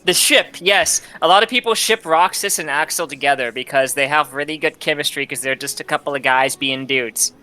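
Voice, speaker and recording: A man's voice: on the high side, fairly quick, few pauses, sharp tone. A man casually retelling a game's story, rambling and swearing, often laughing. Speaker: host retelling a game's plot. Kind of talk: casual drunk chat.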